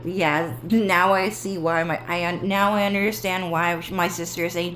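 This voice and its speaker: A woman's voice: lowish voice, fairly even intonation, normal speed, few pauses, fairly bright tone, slight background noise. A woman vlogger telling a story casually, rambling and swearing, with plenty of fillers and side remarks.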